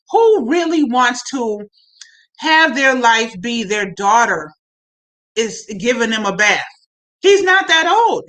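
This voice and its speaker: A woman casually recapping a TV episode for her viewers, chatty and animated, with frequent asides to the audience. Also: high voice, low-quality recording. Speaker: show reviewer. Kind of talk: casual recap chat to camera.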